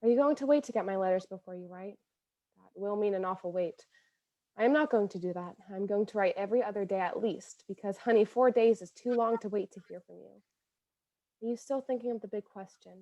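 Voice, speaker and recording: A woman's voice: mid-range voice, brisk, dark tone, dry recording, close to an everyday voice. A woman reading the letters of a young woman from 1918, earnest and imploring, with a lovesick, pleading tone. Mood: longing. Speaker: reader of historical letters.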